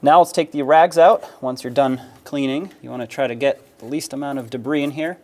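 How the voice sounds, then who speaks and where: A man's voice: mid-range voice, fairly even intonation, fairly quick, a little mellow. A man narrating a hands-on auto repair tutorial, practical and step-by-step, with casual fillers. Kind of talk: instructional how-to narration.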